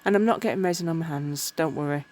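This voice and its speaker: Tired woman, lowish voice, rambling self-mocking crafting vlogger who stumbles over words. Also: fast, a little mellow. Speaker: miniature crafter. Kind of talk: casual crafting vlog narration.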